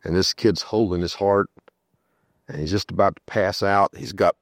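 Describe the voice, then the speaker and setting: A man's voice: low voice, moderate pace, no room sound, studio quality. A male preacher delivering a sermon in a storytelling way, repeating key phrases for emphasis.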